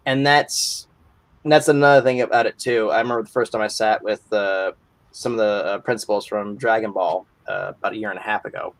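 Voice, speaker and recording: A man's voice: lowish voice, a little fast. A man, a podcast guest who works as a convention moderator, telling stories in casual chat and acting out the people he quotes. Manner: animated storyteller who acts out quoted voices.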